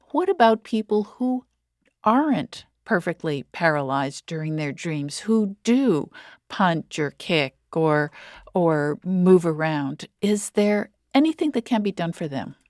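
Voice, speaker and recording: Woman, radio host, lowish voice, careful questions, dry studio sound. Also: a little mellow, no room sound. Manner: thoughtful, restating before asking. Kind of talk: interview questions.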